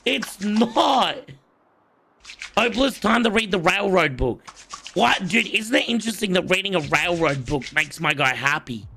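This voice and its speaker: A man's voice: high-pitched, lively intonation, moderate pace, vocal fry, bright, forceful tone, slight background noise. A man with an Australian accent, casually commentating his game on a live stream and bantering cockily with chat. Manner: playful, cocky banter with chat.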